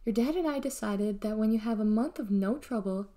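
Tired mom, slightly raspy, gentle and proud; woman reader doing her. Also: medium pitch, fairly quick, close to an everyday voice. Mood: tender. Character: tired, raspy, caring mother.

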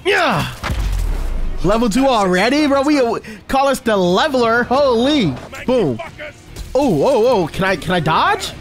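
A young man giving loud, excitable, trash-talking commentary while he plays a video game. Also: very high-pitched, moderate pace, soft background music. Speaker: gaming video host. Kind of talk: excited let's-play commentary. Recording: game soundtrack playing behind.

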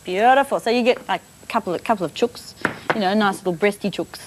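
A woman's voice: mid-range voice, quick pace, noisy background. A woman, an actress guesting on a cooking show, who chats in a bubbly, rambling, jokey way while she cooks. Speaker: celebrity chef guest, stage actress. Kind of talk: casual chat while cooking.

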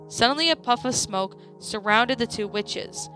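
A woman narrating a creepypasta story in a plain, steady reading voice. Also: a little high, unhurried, hardly any pauses, faint music behind.

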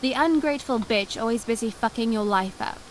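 A woman's voice: on the high side, brisk, a little hiss or hum, natural voice, rough recording. An actress playing a seductive, scornful woman who runs a hotel in a video game, speaking with a teasing, suggestive drawl.

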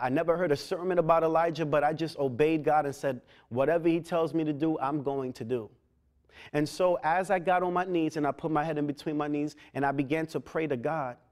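A man's voice: fairly high pitch, darkish tone. A man giving a personal testimony, earnest and often repeating words as he restarts his sentences. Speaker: testimony speaker.

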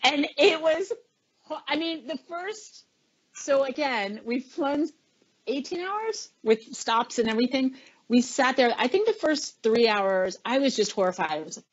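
A woman's voice: high-pitched, measured pace, muffled recording. A middle-aged woman, a former chief of staff, tells stories in a webinar interview and acts out the lines people said. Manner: animated storyteller, acts out quoted lines.

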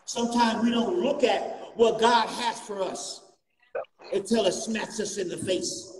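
A man preaching a fervent sermon as a guest bishop, repeating refrains and rising to shouts. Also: sits high. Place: church sanctuary. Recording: echoey church, distant mic, faint noise.

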